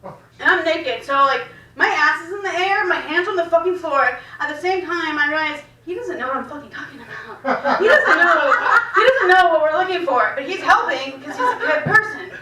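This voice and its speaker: A young woman telling a profane, animated stand-up story, laughing as she goes, in a small cafe room. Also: very high-pitched, normal speed, recorded from a distance. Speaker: stand-up comedian. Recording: echoey room, mic heard from afar.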